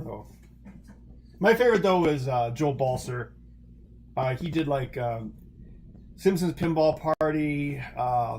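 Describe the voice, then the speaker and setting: A man's voice: on the high side, slight background noise. A man hosting a livestream in casual chat, rambling with frequent restarts and chuckles, speaking into a desk mic. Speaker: livestream host.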